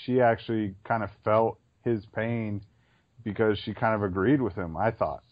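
A man's voice: on the low side, normal speed, dry recording. A man co-hosting a casual podcast, talking enthusiastically through a TV scene and often repeating himself as he thinks. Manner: enthusiastic, analytical, repeats phrases. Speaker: podcast co-host. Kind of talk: casual TV recap chat. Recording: dull lo-fi sound, dry room.

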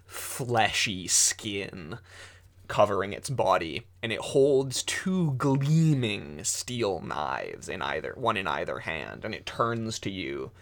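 A man narrating a tabletop game as game master, slow and descriptive with hesitant fillers. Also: on the low side, very animated, creaky, fairly bright tone.

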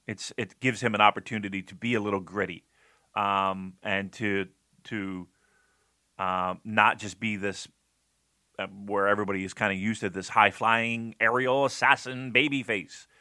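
A man co-hosting a podcast, giving animated, opinionated takes full of repeated starts and fillers. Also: fairly low pitch, moderate pace, no room sound, studio quality. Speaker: podcast co-host. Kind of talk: casual opinionated discussion.

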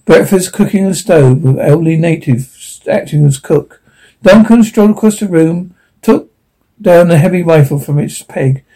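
Mellow man reading an audiobook. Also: on the high side, poor audio. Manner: unhurried, with stumbles and restarts. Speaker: narrator. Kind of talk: audiobook narration.

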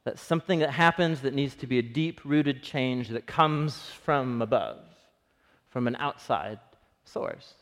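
A man's voice: medium pitch, unhurried, a bit bright. A man giving a conversational sermon, acting out the lines he quotes. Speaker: pastor. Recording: long hall reverb.

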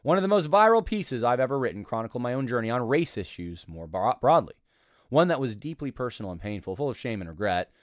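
A man reading aloud from an article and critiquing it in an argumentative, animated way, breaking in with asides and short laughs. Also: medium pitch, fast talker, no echo, clean studio sound. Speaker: commentator.

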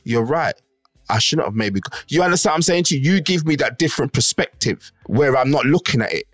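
A man's voice: medium pitch, animated, fairly quick, no echo. A middle-aged man talks in casual podcast chat, emphatic and insistent. He keeps checking that his co-host follows him. The voice sits close and dry, with faint music underneath.

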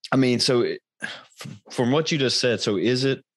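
A man interviewing a guest in a relaxed, easygoing way. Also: mid-range voice, moderate pace, husky. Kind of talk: casual interview chat.

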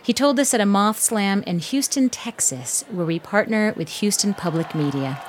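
A woman hosting a radio show, reading calm, measured introductions. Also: medium pitch, background noise. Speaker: radio host. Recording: radio show with music and audience faint behind.

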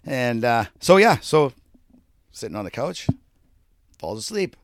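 A man co-hosting a casual podcast, telling stories in a lively, profane way and shouting out quoted lines. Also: mid-range voice, unhurried, dry recording, clean studio sound. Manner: animated storyteller, swears a lot, acts out shouted quotes. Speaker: podcast co-host. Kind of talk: casual storytelling chat.

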